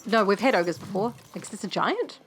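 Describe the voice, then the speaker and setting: A woman's voice: medium pitch, lively intonation, a little fast, faint music behind. Chatty woman gaming. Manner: chatty, swears, laughs often. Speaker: let's play co-host. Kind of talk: casual gameplay chat.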